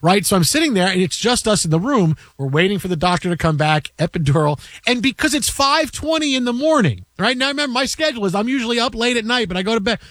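A sports talk host in his forties spins an animated story and acts out the quotes. His voice sits high for a man. The sound is dry and close. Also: fast, hardly any pauses, dry recording. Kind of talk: casual sports talk chat.

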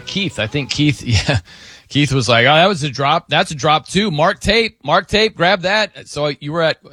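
A man's voice: medium pitch, a bit bright, no room sound, studio quality. A man hosting a radio show, chatting casually with a co-host, laughing and mimicking how people pronounce words. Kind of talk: casual on-air banter.

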